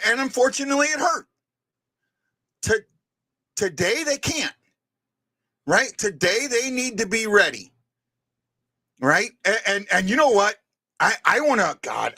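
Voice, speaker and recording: A man hosting a casual live-stream sports fan show, talking in a rambling, animated way with frequent restarts. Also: high-pitched, no echo.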